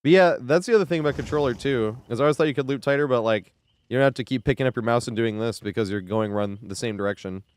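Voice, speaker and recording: A man's voice: medium pitch, fast talker, clean tone. A man giving casual live commentary as a game streamer, chatty, laughing often and making sarcastic asides.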